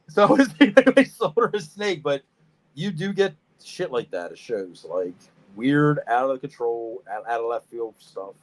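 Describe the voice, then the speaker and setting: A man co-hosting a casual podcast, telling animated stories about reptile shows, swearing freely and acting out what people said. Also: mid-range voice, a little slow. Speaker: podcast co-host, snake breeder. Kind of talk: casual storytelling chat.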